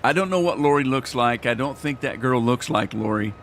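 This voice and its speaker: Older man, casual rambling game commentary, mid pitch, faint noise behind. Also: expressive, brisk, fairly bright tone. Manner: rambling, chatty, self-deprecating. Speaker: gaming streamer.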